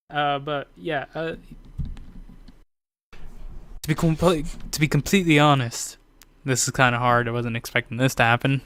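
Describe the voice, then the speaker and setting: A man narrating a tabletop game as game master, often halting and correcting himself. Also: medium pitch, a bit bright, clear, resonant tone, no echo.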